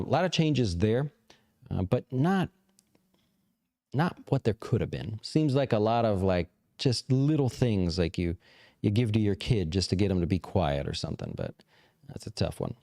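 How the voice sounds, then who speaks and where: A man hosting a casual livestream, answering viewer questions in a relaxed, rambling way with lots of fillers. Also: lowish voice. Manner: relaxed, rambling, thinks aloud with many fillers. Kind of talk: casual live chat about investing.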